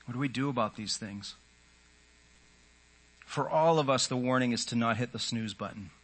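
A man's voice: medium pitch, normal speed, a bit bright. A man preaching a sermon in an earnest, conversational way, often voicing the inner thoughts of his listeners. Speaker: pastor.

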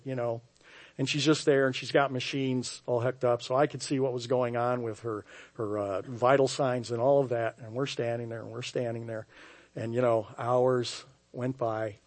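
A man preaching a sermon as pastor, telling a story with wry, self-mocking humor and swinging from hushed tones to loud outbursts. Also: mid-range voice. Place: church sanctuary.

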